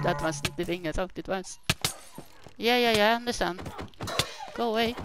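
Slow, chatty woman gamer. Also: a little high. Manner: chatty, exclaims and talks to game characters. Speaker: gaming channel host. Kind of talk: casual gameplay commentary.

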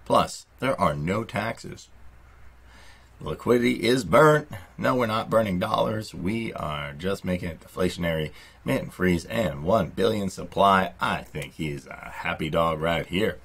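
A man with a low, slightly husky voice narrates a promotional pitch. He keeps the delivery upbeat and salesy, like a channel host hyping a product. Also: measured pace, fairly bright tone.

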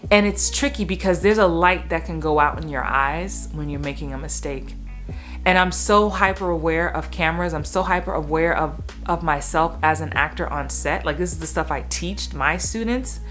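A woman in her thirties tells a personal story from an acting job, candid and emotional, doubling back on herself as she goes. Her voice sits a little low, and faint music plays softly behind her. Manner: candid, emotional, quick asides and restarts. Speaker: actor and acting coach.

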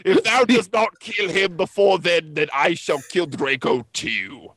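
A menacing armored dark lord voiced by a man who speaks in pompous old-fashioned threats. The voice is deep, heavy and nasal, as if the nose were pinched shut. The room is dry and close. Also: measured pace, no echo. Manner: mock-archaic threats, deep put-on voice.

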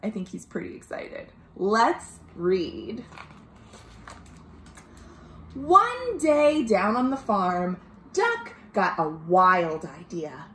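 Animated librarian woman reading to kids. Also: medium pitch, extremely slow, echoey room, a little hiss or hum. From United States. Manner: animated storytime voice, gasps and asks questions. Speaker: children's librarian. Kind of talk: reading a picture book aloud to children. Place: at home.

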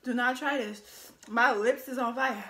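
A young woman filming a casual eating-challenge vlog, complaining loudly and laughing about the burning heat. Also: fairly high pitch, steady tone, a little slow, slight background noise. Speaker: vlogger.

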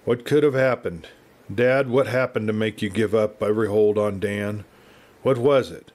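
A young frontier woman speaks low and steady, cold with reproach toward her father, as a male storyteller reads her lines. Her voice stays level even as her words bite. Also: moderate pace, natural voice.

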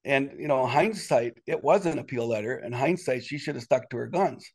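A man telling a personal story as an interview guest in a casual, rambling way, with sudden indignant rises in his voice. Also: slightly rough. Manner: animated, quick jumps in pitch when indignant; rambling with many restarts and "you know".

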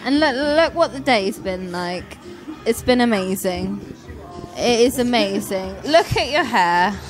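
A woman with a slightly high voice speaks slowly as a maid of honour, teasing and gushing into a camera. Faint music plays at the reception behind her. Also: expressive. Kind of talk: casual chat to a wedding video booth.

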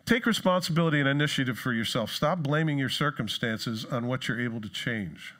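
A man preaching a sermon in a casual, joking way, acting out quoted excuses in higher, put-on voices. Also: fairly quick, fairly bright tone. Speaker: pastor. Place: church.

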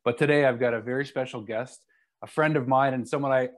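A man hosting his own show, introducing a guest and asking questions in a relaxed, friendly way with lots of fillers. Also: medium pitch, fast. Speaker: show host. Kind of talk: casual interview.

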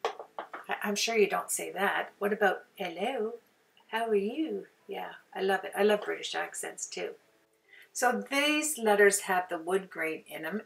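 Chatty older woman with a gravelly voice. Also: medium pitch, a bit bright, far from the mic. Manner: chatty and rambling, drops to near-whispers. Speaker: card-making crafter. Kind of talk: casual crafting tutorial.

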